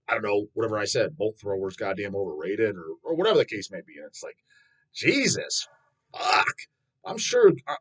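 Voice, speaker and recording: A man in his thirties hosts his own channel, reading out fan questions and riffing on them. He talks bluntly and swears constantly, laughing at his own jokes. His voice sits at a middle pitch but swings up and down a lot. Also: rough recording. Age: 30s. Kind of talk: casual rambling monologue.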